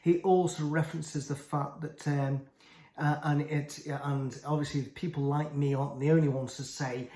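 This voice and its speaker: A man's voice: fairly high pitch, little pitch movement, moderate pace, mellow. A man giving scornful, indignant critical commentary on a video channel. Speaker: YouTube commentator. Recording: roomy echo.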